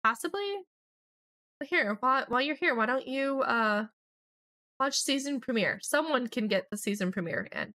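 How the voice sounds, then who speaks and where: A young woman hosting a casual let's play, chatting through her game and voicing quick lines for her characters. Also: high-pitched, expressive, pushed and bright, dry recording. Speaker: gaming channel host.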